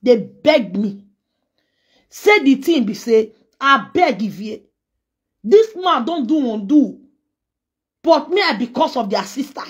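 Husky high-voiced Nigerian woman ranting. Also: big pitch swings, slow pace, pauses often. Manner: heated, scolding, trading insults. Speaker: social media personality. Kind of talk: angry response rant.

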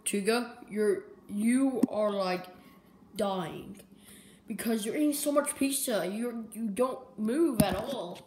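A woman's voice: mid-range voice, takes it slowly, darkish tone, close to an everyday voice. A woman voicing a bossy, scolding male bear plushie in a home toy skit. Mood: stern. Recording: echoey room with background noise.

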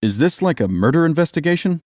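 A man's voice: fairly high pitch, very animated, quick pace, a little mellow, dry recording, studio quality, pitched above the performer's own voice. A man voicing a naive, eager young records officer who speaks earnestly and a little timidly.

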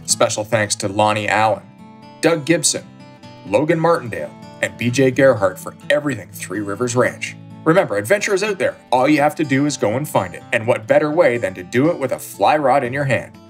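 A man's voice: medium pitch, expressive, a little fast, soft background music. Upbeat male host signing off. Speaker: show host. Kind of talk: scripted episode outro.

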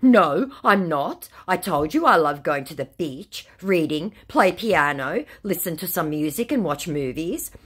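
A woman reading the chat lines of a male online romance scammer in a slow, gushing, overly formal voice. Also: low-pitched, lively intonation, breathy edge, pitched above the performer's own voice, exaggerated voice. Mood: defensive.

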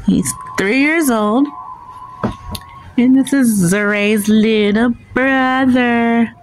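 An older woman, chatting excitedly to her viewers in a casual vlog. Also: a little high, extremely slow, a little hiss or hum. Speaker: vlogger.

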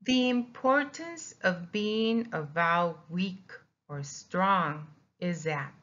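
Spanish-native woman teacher, unhurried, demonstrative, muffled lo-fi audio. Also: lowish voice, a bit bright. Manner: explanatory, repeats words, demonstrates vowel sounds. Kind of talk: recorded classroom lesson. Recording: dull lo-fi recording.

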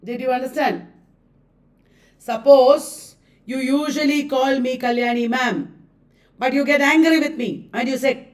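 A woman's voice: high-pitched, unhurried, pauses often, far from the mic. A woman with an Indian English accent teaching a live online class, emphatic, repeating key phrases and checking that students understood.

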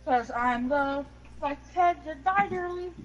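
A woman's voice: high-pitched, a little slow, lo-fi sound, noisy background. A young woman chatting casually while gaming, joking crudely, swearing and giggling. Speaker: gamer.

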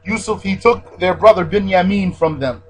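High-voiced husky male teacher. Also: moderate pace, soft background music, low-quality recording. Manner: repeats key points, stresses Arabic terms. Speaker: religious teacher. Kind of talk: explanatory lesson.

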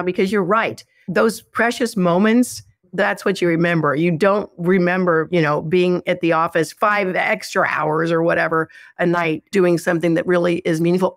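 A woman hosting a podcast, speaking in a fairly low register. She reflects on her guest's points and moves the talk along in an affirming tone. The sound is dry and close, with no room echo. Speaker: podcast host. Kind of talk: interview hosting.

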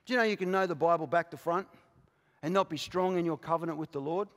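A man with an Australian accent preaching a passionate sermon as a pastor, moving from quiet, intimate asides to shouted declarations. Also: on the high side, fast talker. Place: large church auditorium. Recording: live church recording with long hall reverb.

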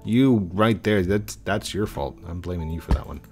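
A man's voice: low-pitched, normal speed, a little mellow, soft background music. A man hosting a gaming video, rambling and joking with other players in casual commentary.

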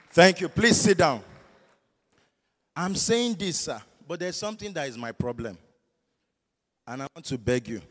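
Loud Nigerian church comedian. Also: male voice, on the high side. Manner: loud call-and-response, rowdy and teasing. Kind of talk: stand-up comedy at a church service. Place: large church hall. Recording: echoey hall with long reverb.

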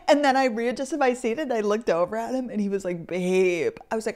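A woman's voice: fairly high pitch, a little fast, few pauses. A young woman hosting a podcast, chatting casually into a microphone and telling stories with lots of "like" fillers. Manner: chatty storyteller, heavy use of "like". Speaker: podcast host. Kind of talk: casual chat.

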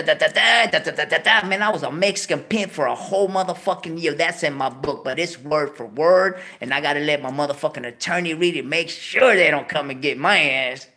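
A man hosting a show, telling a long profane story and breaking into high yelps of disbelief. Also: pushed and bright. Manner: swears constantly, bursts into high yelps of disbelief. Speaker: show host.

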